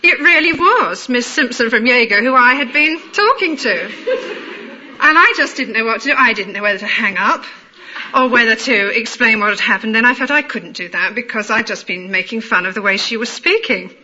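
A woman with a middle-class London accent, telling a personal story in a measured, amused way, in a dull lo-fi recording. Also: fairly high pitch, lively intonation, pushed and bright. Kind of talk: personal anecdote told aloud.

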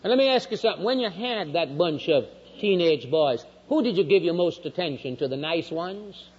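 A man with a high voice preaches with fervor, lifting his lines into loud peaks and then sinking them low. He was recorded on dull, lo-fi old tape. A long reverb trails his words across the hall. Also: expressive, moderate pace, few pauses, breathy edge. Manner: impassioned preaching, swinging from loud highs to low quiet lines. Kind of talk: sermon.

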